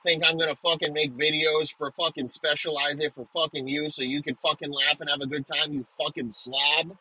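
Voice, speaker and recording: A man's voice: fairly high pitch, flat delivery, a little fast, bright, forceful tone, breathy edge, no echo, low-quality recording. A man delivering an aggressive comedic rant, swearing nonstop and hurling insults.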